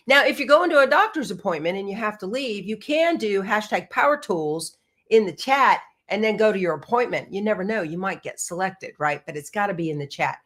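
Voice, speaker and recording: A woman's voice: mid-range voice, a bit bright. A middle-aged woman, hosting a quilting livestream in a bubbly, chatty way. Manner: chatty, bubbly, says y'all. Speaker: quilting show host. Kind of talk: casual livestream chat.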